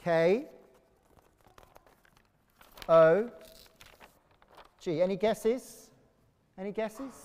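A man preaching a sermon to his congregation, energetic and leading them in call-and-response. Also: sits high, extremely slow, long pauses, smooth. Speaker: pastor. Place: church. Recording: long reverb of a church hall.

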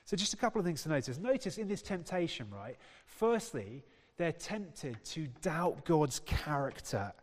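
A man's voice: on the high side, very animated, normal speed. A male preacher giving a conversational sermon, reading scripture and putting questions to the congregation. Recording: long hall reverb.

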